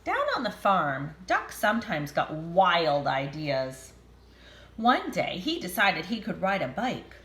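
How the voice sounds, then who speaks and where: Brief: a bright, unhurried woman reading a children's story with playful asides. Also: lowish voice, roomy sound. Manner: expressive, chatty asides. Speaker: storybook reader.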